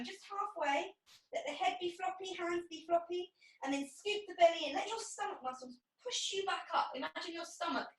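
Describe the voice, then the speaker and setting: A woman's voice: high-pitched, a bit bright. A woman instructor guiding a pilates class, encouraging and cueing each breath and movement. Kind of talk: guided exercise class. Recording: echoey room, distant mic.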